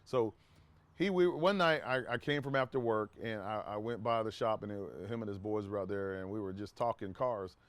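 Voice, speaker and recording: A man's voice: on the low side, moderate pace, smooth, no echo. A man casually telling a personal story to his viewers, rambling with restarts and asides, and acting out quoted talk in a raised voice. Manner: acts out quoted dialogue in a raised voice.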